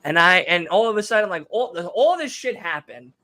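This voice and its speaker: Animated, bright-voiced man telling wrestling stories. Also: high voice, fairly quick, dry recording. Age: 30s. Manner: animated storytelling, acts out quotes, swears freely. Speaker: podcast co-host. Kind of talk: casual chat.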